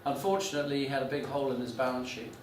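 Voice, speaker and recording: In an echoey lecture room, a man in his 40s races through a business story for his class, his mid-range voice flat and full of restarts and fillers. The mic sits at a distance, and there's a little hiss or hum.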